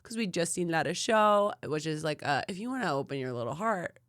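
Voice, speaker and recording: A woman's voice: fairly low pitch, a little fast, no echo, clean studio sound. A woman co-hosting a podcast in casual chat, telling stories with lots of fillers and acting out quotes. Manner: animated storytelling, many fillers, acts out quotes. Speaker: podcast co-host.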